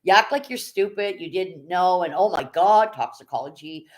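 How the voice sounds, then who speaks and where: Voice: mid-range voice, animated, normal speed. A live streamer giving blunt, casual commentary, swearing freely and talking straight to the chat.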